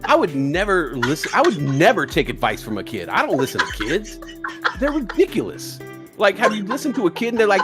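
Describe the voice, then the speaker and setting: Male co-host, casual comic rant, very lively pitch, faint music behind. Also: brisk. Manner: comic ranting, goes off on tangents, does silly voices. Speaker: co-host of a live stream. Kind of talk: casual chat.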